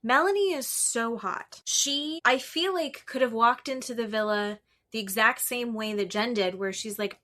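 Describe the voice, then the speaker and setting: A woman's voice: a little high, moderate pace, hardly any pauses, a bit bright. A woman co-hosting a podcast, chatting casually about reality TV and saying "like" often. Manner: chatty, lots of "like", acts out quotes. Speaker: podcast co-host. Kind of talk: casual reality-TV recap chat.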